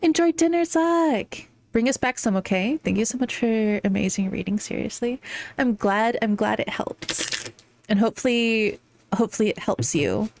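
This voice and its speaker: With medium pitch, lively intonation and vocal fry, a young woman talks to her live viewers at a moderate pace. She's warm and casual, giggling and lapsing into baby talk between tarot readings.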